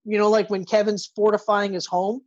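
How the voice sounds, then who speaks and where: A woman co-hosts a podcast, chatting casually about a movie and retelling its scenes in an animated way, swearing a lot and acting out the characters' lines. Her voice is medium-pitched and fairly quick, and the recording sounds lo-fi.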